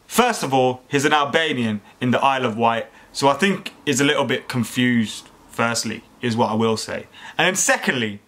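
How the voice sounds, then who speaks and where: A man's voice: medium pitch, normal speed, few pauses, a bit bright. A man hosts a comedy vlog, reading online comments aloud and mocking them with sarcastic, exasperated rhetorical questions and plenty of swearing. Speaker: YouTube host reacting to online comments.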